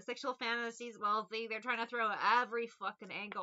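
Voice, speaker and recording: A woman's voice: fairly high pitch, normal speed, hardly any pauses, pushed and bright, muffled recording. A woman giving a casual tarot reading in a blunt, profane, mocking way. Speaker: tarot reader.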